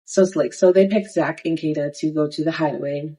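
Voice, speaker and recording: A young woman whose voice sits low and slightly rough talks a little fast through a casual recap of a reality dating show. She's sassy, animated and slangy, acting out cast members' lines, and the audio is poor.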